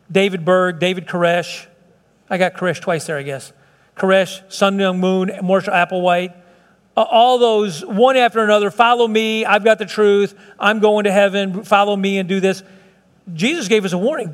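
A pastor delivers a sermon to his congregation, his voice pitched high for a man. He speaks in a folksy, conversational way, looping back and repeating himself. A long reverb hangs on every word in the church hall.

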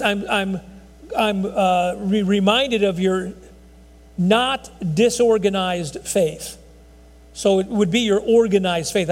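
A man preaching a conversational sermon in a folksy, rambling way, often restarting his sentences. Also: high-pitched. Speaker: pastor. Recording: long hall reverb.

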